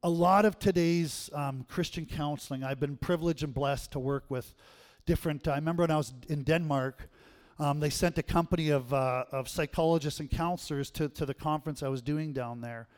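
A man preaching with animated energy, his voice a little higher than most men's. He swings between loud punchy bursts and quiet asides, laughing as he tells stories. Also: a little fast. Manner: animated storytelling, laughs often. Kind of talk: sermon.

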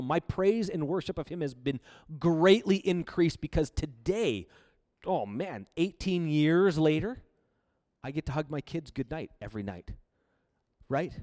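A man's voice: fairly high pitch, expressive, a little slow, darkish tone. A man from Canada preaching a sermon, telling his own story in an earnest, confessional way. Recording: long hall reverb.

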